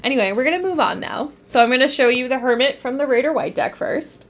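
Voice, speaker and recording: A woman's voice: high-pitched, fast, a bit bright. Chatty, easily sidetracked young woman. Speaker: tarot teacher streaming live. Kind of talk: casual live-stream lesson.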